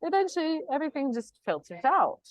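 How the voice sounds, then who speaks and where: A woman's voice: high voice, sing-song, a little fast, no echo, lo-fi sound. A woman hosting an interview, chatty and reflective, now and then swearing casually as she talks. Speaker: interview host and coach.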